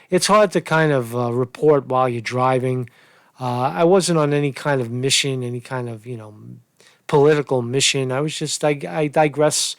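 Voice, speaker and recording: A man's voice: medium pitch, no echo. A man giving casual political commentary in a video blog, rambling and blunt, repeating and restarting his phrases.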